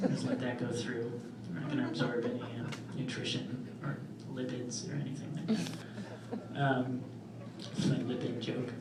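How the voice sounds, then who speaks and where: A young man doing a stand-up comedy set, deadpan and self-deprecating, with trailing fillers. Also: mid-range voice, normal speed, hardly any pauses, very noisy. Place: club stage in front of a live audience. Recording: roomy club audio from far off. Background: audience laughter.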